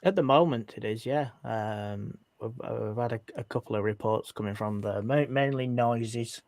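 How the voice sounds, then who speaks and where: A man's voice: medium pitch, normal speed, a little mellow, dry recording. A man with a northern English accent, a guest on a podcast call, chatting with trailing restarts. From England. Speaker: guest cryptid investigator. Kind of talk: casual podcast chat.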